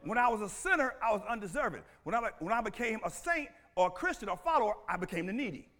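A man preaching a sermon as pastor, animated and playful, calling out to the congregation and bursting into shouts. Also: high voice, quick pace. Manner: playful, teasing, laughs often.

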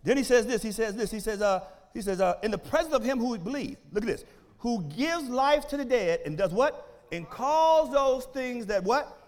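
A man preaching to his congregation in an animated sermon. His voice sits very high and swings widely. He keeps asking the room questions and breaks into shouts. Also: normal speed. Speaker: pastor.

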